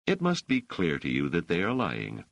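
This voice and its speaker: A man with a low voice, huge pitch swings and vocal fry performs an exaggerated character: an indignant male scholar under questioning. At normal speed, he answers accusations in a firm, hot, grim and defiant manner.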